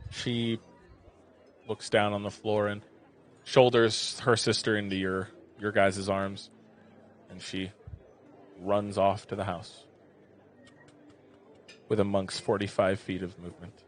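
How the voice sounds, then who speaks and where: A man narrating a tabletop game as game master, describing scenes in a relaxed way with plenty of filler words. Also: on the low side, slow, long pauses, a little hiss or hum.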